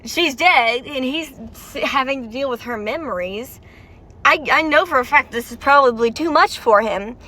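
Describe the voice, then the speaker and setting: A woman with a high, bright voice talks through a game's story in a casual reaction vlog. She is chatty and emotional, with lots of "like" fillers. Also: lively intonation, normal speed. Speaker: game story reaction vlogger.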